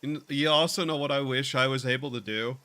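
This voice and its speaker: A man's voice: mid-range voice, a little fast, pushed and bright, clean tone. A man streaming a game, talking in a drawling, meandering way with sighs and casual swearing. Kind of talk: casual gaming stream chat.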